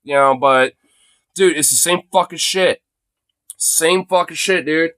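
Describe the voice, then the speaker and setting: Speaking a little slowly, a man in his late twenties livestreams a profane, angry rant into his phone, stuffed with fillers such as "you know" and "dude." His voice is fairly high and a bit bright, with no echo.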